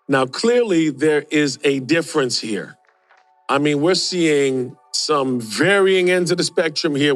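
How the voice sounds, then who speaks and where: Male podcast host who talks through clips in a casual, questioning way, slightly high voice, quiet music under him. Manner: rhetorical, asks questions and adds "right?". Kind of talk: casual commentary on video clips.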